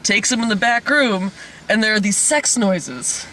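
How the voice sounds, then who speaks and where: A man's voice: high-pitched, unhurried, background noise. A man hosting a casual comedic movie review, rambling along and laughing often. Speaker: host of a movie review podcast.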